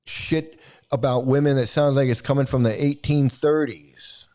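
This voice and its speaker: A man's voice: medium pitch, fairly even intonation, moderate pace, mellow. A man hosting a commentary channel, giving an angry, profane and mocking rant. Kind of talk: ranting commentary.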